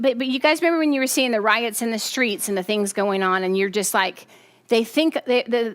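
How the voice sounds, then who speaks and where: A woman preaching to a group, her voice sitting a little high. She is animated and keeps checking in with her listeners as she teaches. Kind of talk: sermon.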